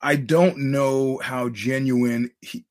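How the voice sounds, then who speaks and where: A man's voice: medium pitch, steady tone, slow, a little mellow. A man hosting a podcast, talking casually in a rambling way, restarting his sentences often and quoting other people as he goes. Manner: rambling, frequent restarts, quotes others in voices. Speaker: podcast host. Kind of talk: casual monologue to listeners.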